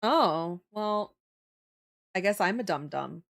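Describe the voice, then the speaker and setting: A woman's voice: medium pitch, slow, vocal fry. Chatty woman streamer. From Canada. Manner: animated and chatty, laughs often, answers viewer comments. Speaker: livestreamer. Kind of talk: casual chat with live viewers.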